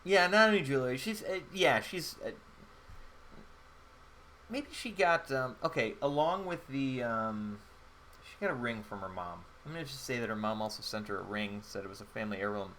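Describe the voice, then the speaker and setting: Bright-voiced man thinking aloud. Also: mid-range voice, expressive, moderate pace, slight background noise. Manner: rambling, thinking aloud with many fillers. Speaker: solo game player and host. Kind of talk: solo tabletop game play-through narration.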